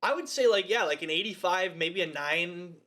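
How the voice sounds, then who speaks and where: A man's voice: sits high, moderate pace. A man co-hosting a podcast, reviewing a movie in casual chat, swearing freely and laughing as he acts out scenes. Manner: profane, animated, laughing storyteller. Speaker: podcast co-host.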